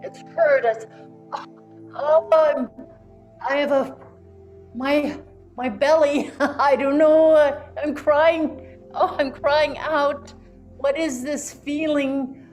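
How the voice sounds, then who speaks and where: A woman voicing a newborn baby who wonders at everything, in a soft, breathy, halting voice during a guided meditation role-play. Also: a little high, animated, faint music behind. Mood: distressed, crying. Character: newborn baby, wondering, easily upset and soothed.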